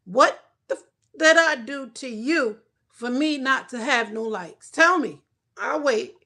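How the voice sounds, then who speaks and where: A woman at home livestreaming and chatting casually with her viewers, loud and joking, cursing and talking back to the chat. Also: high voice, animated, unhurried.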